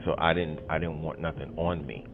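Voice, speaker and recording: Man, very low voice, rambling storyteller, lots of ums, phone-line sound, music in the background. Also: fairly even intonation, brisk. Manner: rambling storytelling with many fillers and emphatic "boom" sound effects. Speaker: channel host telling a personal story. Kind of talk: casual phone conversation. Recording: tinny phone-line audio with music behind.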